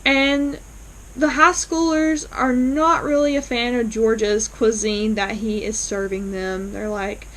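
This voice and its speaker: A woman's voice: on the high side, steady tone, slow, fairly bright tone, rough recording. A woman recapping a TV episode in a casual, chatty way, full of fillers and quoted lines. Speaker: fan reviewer.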